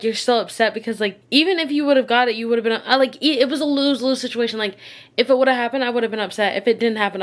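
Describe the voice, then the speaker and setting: A young adult woman with a medium-pitched, creaky voice vents in a casual vlog. Her frustrated rambling is packed with fillers, and she sounds out of breath and near tears.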